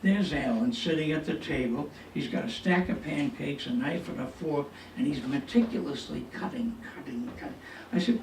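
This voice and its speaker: At a senior center hall with a tall ceiling, a man with a creaky, mid-range voice tells a folksy comic story at normal speed. His chatty, stand-up style builds toward punchlines. The sound is echoey, from a distant mic, with faint noise.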